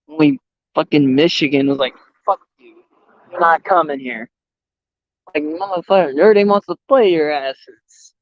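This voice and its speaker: A man's voice: fairly high pitch, dry recording. A young man talking outdoors about sports, blunt and profane, with strong opinions. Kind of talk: casual chat. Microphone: voice call or stream mic. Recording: dull, slightly lo-fi dry sound.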